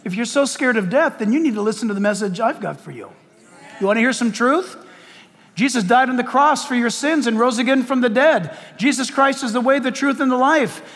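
A man preaching a sermon as pastor, impassioned and full of rhetorical questions, swinging from loud calls to quiet asides. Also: very high voice, a little fast, long reverb tail. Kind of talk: outdoor sermon.

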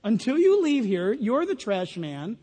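A man preaching a sermon as a pastor, in an animated style that mocks other voices in put-on quotes. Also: high-pitched, a little slow, breathy edge. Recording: long reverb of a large hall.

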